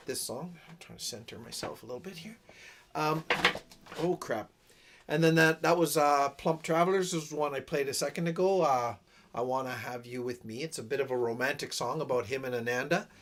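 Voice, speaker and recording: A man's voice: mid-range voice, slight background noise. A man hosting a casual live stream, rambling and self-deprecating, often losing his train of thought. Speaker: livestream host and singer-songwriter.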